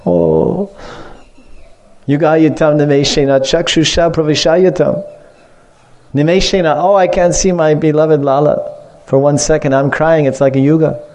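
Man doing a grieving parent, high strained voice, mellow tone, wailing, pleading. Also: little pitch movement, a little slow. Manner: wailing, pleading, breaking into sobs. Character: weeping parent pleading for a beloved child.

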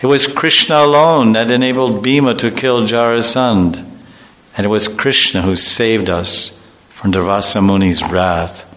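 A man's voice: lowish voice, unhurried, fairly bright tone. A man voicing a grieving warrior prince who mourns his lost friend, reciting his lament in an earnest, mournful way for a devotional story.

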